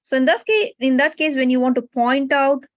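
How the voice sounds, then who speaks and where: Woman, Indian English accent, language teacher, higher voice, dry sound, explanatory. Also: normal speed, no echo. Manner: explanatory, often tags sentences with "no?" and "right?". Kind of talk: online class lecture. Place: online class.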